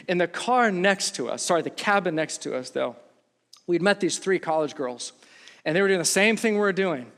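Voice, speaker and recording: A middle-aged man preaching a sermon as pastor, telling a story in a lively way and acting out what people said. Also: high voice, brisk. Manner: animated storytelling, acts out quotes. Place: church sanctuary. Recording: long reverb of a large hall.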